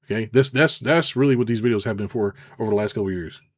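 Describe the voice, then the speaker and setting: Sarcastic, profane man ranting on camera. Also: fast. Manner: swings between loud outbursts and low mutters. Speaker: business consultant. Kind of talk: casual rant to camera.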